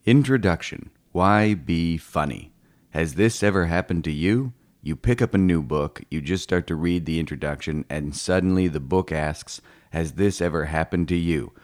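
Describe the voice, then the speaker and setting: Man, very low voice, comic audiobook narration, deadpan playful delivery. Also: moderate pace. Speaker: audiobook reader.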